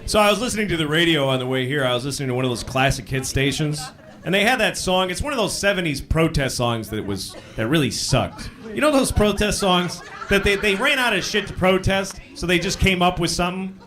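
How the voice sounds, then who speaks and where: A man's voice: sits high, animated, a little fast, fairly bright tone. A man doing a crude, self-deprecating stand-up routine in a conversational tone. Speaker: stand-up comedian. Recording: live stand-up with audience laughter. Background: audience laughing.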